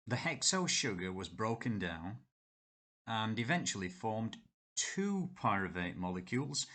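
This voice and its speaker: A man's voice: lowish voice, a bit bright. A man with a Yorkshire accent teaching a biology lesson, chatty and thinking aloud as he writes. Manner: chatty, thinks aloud and talks to himself while writing. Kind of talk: whiteboard lesson explaining step by step.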